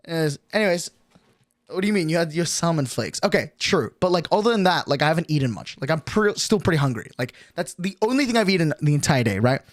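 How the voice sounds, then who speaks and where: A man's voice: a little high, brisk, no echo, studio quality. A young man, casually telling a rambling story to his stream chat and tagging lines with "right?". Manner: animated, rambling, with frequent "right?".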